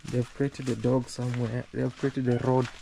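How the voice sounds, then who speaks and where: A man's voice: medium pitch, flat delivery, a little fast, creaky, warm tone, slight background noise. A man vlogging outdoors as he walks his home farm, talking in a loose, rambling way with many fillers and repeated phrases. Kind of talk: casual walk-and-talk vlog.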